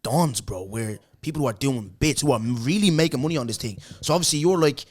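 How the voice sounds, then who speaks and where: A man's voice: medium pitch, lively intonation, brisk, a little mellow. A man with an Irish accent hosting a podcast, talking bluntly and casually, peppering his talk with "bro" and "do you get me". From Ireland. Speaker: podcast host. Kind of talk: casual chat.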